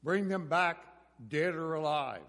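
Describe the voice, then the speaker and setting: A man voicing a ruthless ancient king who shouts harsh orders at his army, in a hall with long reverb. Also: fairly high pitch, unhurried. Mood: furious.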